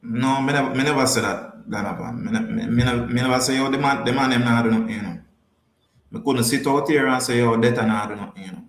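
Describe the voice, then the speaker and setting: A man's voice: mid-range voice, steady tone, fast, roomy sound. A man with a Jamaican accent hosting a podcast, chatting casually with viewers and repeating his points for emphasis. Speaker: podcast host. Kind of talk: casual livestream chat, answering viewers.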